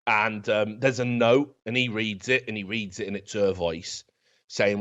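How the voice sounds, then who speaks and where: A man's voice: fairly low pitch, steady tone, unhurried, a bit bright. A man hosting a casual comedic film review, telling the story in a rambling, profane way. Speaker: film review podcast host. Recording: dull, lo-fi sound.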